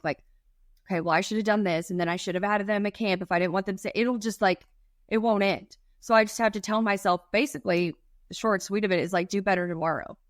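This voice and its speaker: A woman's voice: medium pitch, dry recording, studio quality. Rambling woman podcast co-host. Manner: rambling, with many fillers and restarts. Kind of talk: casual podcast chat.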